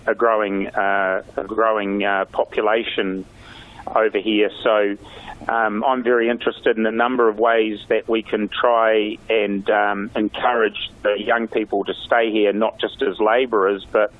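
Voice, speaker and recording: Halting New mayor on a phone line. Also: male voice, fairly low pitch. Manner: halting, many fillers and restarts. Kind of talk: radio interview over the phone.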